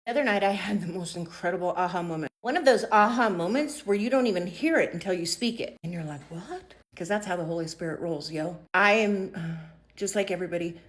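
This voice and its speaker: A woman sharing a casual faith talk straight to her viewers, affectionate and folksy, sometimes dropping to a soft whisper. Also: fairly low pitch, fast. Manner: uses casual slang. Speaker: faith vlogger.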